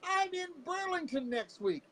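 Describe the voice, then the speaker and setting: A man's voice: big pitch swings, measured pace, fairly bright tone, slight background noise, heavily acted. A man voicing a jokey male prank caller who puts on an accent and sounds overly chummy. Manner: high, hearty and overly chummy.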